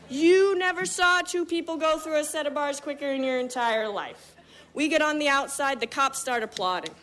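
A woman performing a lively story for a live audience, telling it vividly and acting out moments as she goes. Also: sits high, moderate pace. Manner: animated, vivid, acts out other people's lines.

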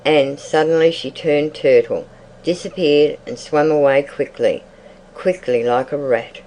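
A reader narrating a literary short story in a measured, even audiobook style. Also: medium pitch, a little hiss or hum, rough recording.

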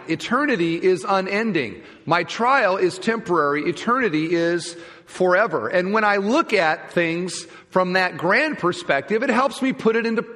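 A man with a high, sharp-toned voice preaches as a pastor in a church sanctuary, speaking emphatically and peppering the congregation with rhetorical questions. The recording carries the long reverb of a church hall.

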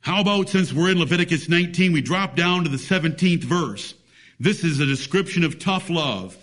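A man's voice: a little high, expressive, normal speed, a bit bright. A man preaching a sermon, emphatic, reading scripture in old-fashioned biblical wording.

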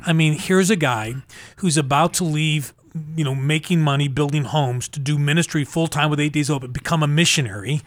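A radio host with a slightly high voice talks in a chatty, eager way and keeps stumbling over repeated words. The sound is dry and close. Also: male voice, fairly quick, no room sound. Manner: enthusiastic, often stuttering "and, and". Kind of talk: casual talk show chat.

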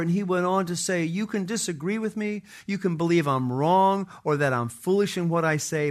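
Earnest preaching man, higher voice. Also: fairly bright tone. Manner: earnest, with emphatic repetition. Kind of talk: sermon.

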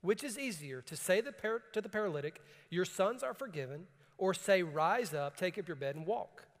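A man preaching a sermon, swinging from calm scripture reading to rising, emphatic bursts. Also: high-pitched, normal speed. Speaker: pastor. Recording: long hall reverb.

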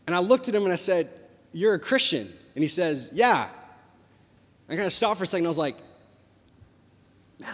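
A young man preaching a sermon, telling a personal story in a lively, conversational way. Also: sits high. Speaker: pastor. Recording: long hall reverb.

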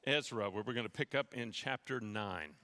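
A man's voice: fairly low pitch, normal speed, sharp tone, big-room sound. A man preaching a sermon in a church, telling a personal story with self-deprecating humor before teaching from scripture. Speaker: pastor. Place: church sanctuary.

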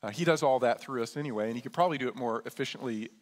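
A man's voice: mid-range voice, rapid-fire. Man preaching in an echoey church. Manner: conversational preaching, often asks "right?". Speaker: pastor. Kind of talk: sermon. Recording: long church reverb.

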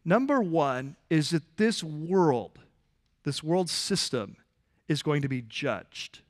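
Male pastor, fairly high voice, casual and lively sermon delivery with quick asides to the congregation. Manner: conversational and animated, with restarts and asides to the congregation.

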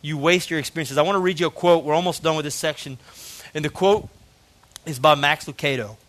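A man's voice: fairly high pitch, a little fast, fairly bright tone. A man in his thirties preaching a sermon, telling a personal story earnestly and emotionally, often saying "man". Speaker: pastor.

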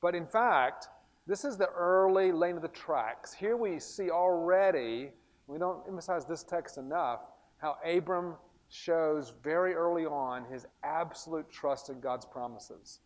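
A man teaching a recorded series on scripture in an animated, emphatic way, often restarting his sentences. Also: a little high, a little slow, long reverb tail. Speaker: bible teacher.

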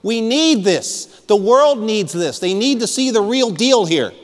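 Fervent male pastor, higher voice, emphatic sermon delivery in a reverberant church hall. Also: very animated, a little slow. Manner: fervent, emphatic preaching with repeated calls to listen.

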